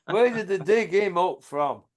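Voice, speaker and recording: A man's voice: high voice, expressive, unhurried. A man hosting a casual, jokey chat and mocking people in slangy banter. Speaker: channel host. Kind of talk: casual banter about boxing.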